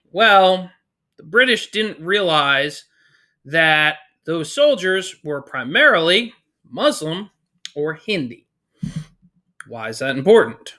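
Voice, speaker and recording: Energetic male teacher, bright tone, chatty and joking. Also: on the high side. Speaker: history teacher. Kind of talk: casual classroom lecture.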